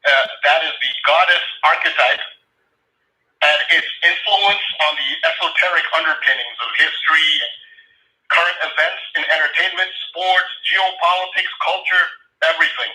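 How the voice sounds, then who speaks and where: A man phones in to a talk show and lectures at length, slow and deliberate, spelling out words letter by letter. His voice is bright and sharp, with a roomy echo. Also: a little high. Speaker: caller.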